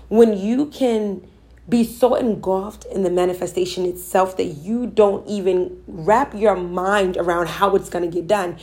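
A woman telling a personal spiritual story, her voice at a middle pitch. She speaks earnestly and emphatically in a loose conversational way, circling back and repeating words for effect. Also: warm tone. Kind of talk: personal storytelling about manifesting.

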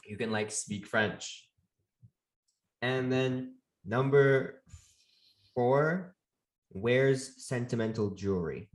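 A young woman chatting casually with a friend, teasing and quick, full of fillers. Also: extremely low pitch. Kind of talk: casual chat.

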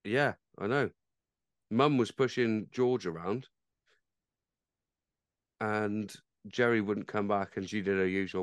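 Low, smooth-voiced man chatting. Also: takes it slowly, long pauses, dry recording. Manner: chatty, swears, trails off and restarts. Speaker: podcast host. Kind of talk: casual pub chat.

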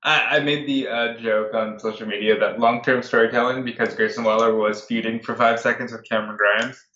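A man co-hosting a casual wrestling chat, jokey and full of quick quips. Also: mid-range voice, fairly even intonation, bright, forceful tone, reverberant, dull audio. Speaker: podcast co-host.

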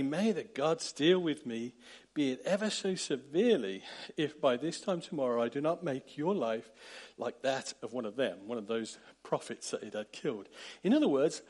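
A man preaching a sermon, retelling a story with lively, animated delivery and acted-out quotes. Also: medium pitch, normal speed. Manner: animated, acts out quotes with sudden loud bursts.

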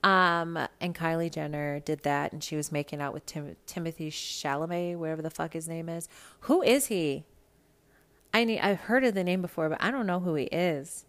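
A woman's voice: sits low, fairly even intonation, fairly quick, hardly any pauses, fairly bright tone, clear, resonant tone. A woman from Minnesota hosting a podcast, chatting about celebrity gossip in a blunt, sassy way and swearing freely. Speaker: podcast host. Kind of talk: casual celebrity gossip monologue.

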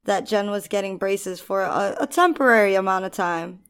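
A woman's voice: mid-range voice, normal speed, fairly bright tone, clean tone. A woman co-hosts a casual podcast in a mid-range voice. She reacts to stories with dry, wry remarks. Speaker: podcast co-host. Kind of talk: casual chat.

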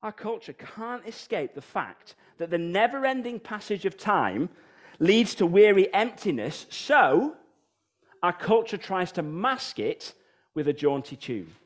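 A British man in his thirties preaches in a church, his voice swinging widely up and down as he builds his points. He sits a little high for a man and keeps firing rhetorical questions at the congregation. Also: a little slow. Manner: animated, rhetorical questions, sings snatches of songs. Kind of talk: sermon.

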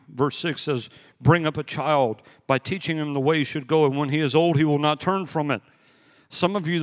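A man preaching a sermon as pastor, telling stories in a conversational way and hammering points home by repeating them. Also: on the high side. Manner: conversational storytelling with emphatic repetition. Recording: long hall reverb.

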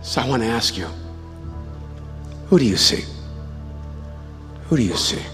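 A man preaching in a large church hall, spinning a story with self-mocking humor before easing into a hushed, prayerful appeal. His voice sits at an ordinary pitch and carries a long reverb through the room, with soft music playing underneath. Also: big pitch swings, a little slow. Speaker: pastor. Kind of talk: sermon.

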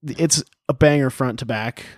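A man's voice: mid-range voice, moderate pace, no echo, clean studio sound. A man hosting a podcast in casual chat, joking around and swearing a lot. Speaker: podcast host. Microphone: podcast microphone.

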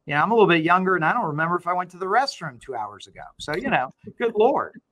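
A middle-aged man, a law firm owner, talking as an interview guest and telling stories with animated, acted-out dialogue. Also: sits high, fast. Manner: animated storyteller, acts out quoted dialogue. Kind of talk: conversational interview.

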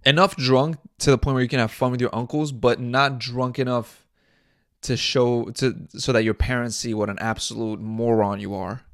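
A man's voice: medium pitch, fairly even intonation, normal speed, a bit bright, no room sound. A young man hosting his own podcast, talking casually in a crude, joking, rambling way with bursts of mock outrage. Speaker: podcast host. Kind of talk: casual solo podcast monologue. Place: small indoor set.

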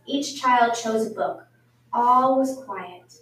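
A woman's voice: on the high side, slow, fairly bright tone. Woman reading a storybook aloud, echoey. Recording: echoey room, mic far off.

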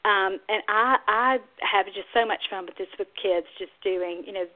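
A woman talks through techniques for helping toddlers speak, in a calm, explanatory instructional podcast manner. Her voice sits at an ordinary middle pitch. The sound is thin and tinny, like a phone line. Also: moderate pace. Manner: explains steadily, then bursts into high sing-song demonstration sounds. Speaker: speech-language pathologist host.

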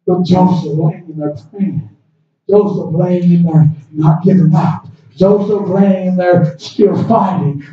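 Male preacher, high-voiced, slow and shouting, recorded from afar in a booming room. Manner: rising to shouts, acting out biblical characters. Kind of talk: sermon. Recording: roomy echo, distant mic, dull sound.

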